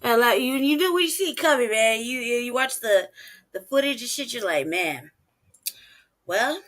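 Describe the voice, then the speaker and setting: A woman's voice: a little high, expressive, normal speed, a bit bright. A woman hosting a casual reaction show, laughing often and commenting in loose slang. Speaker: host reacting to videos.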